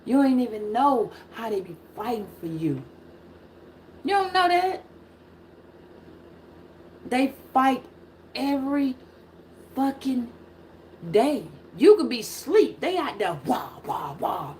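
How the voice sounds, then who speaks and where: A middle-aged woman giving a casual live-stream tarot reading, preachy and profane, with loud emphatic bursts. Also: sits high, big pitch swings, slow, pauses often, slight background noise. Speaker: tarot reader.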